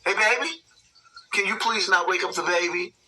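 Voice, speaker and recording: A man briefly mimicking a young wife softly coaxing her husband. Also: high-pitched, normal speed, distant mic, slight background noise.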